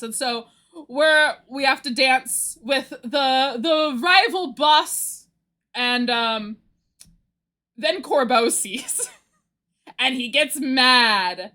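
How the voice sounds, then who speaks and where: Female streamer, high bright voice, unhurried, rambling and giggly. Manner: rambling, animated storytelling with frequent giggles. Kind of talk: casual livestream chat.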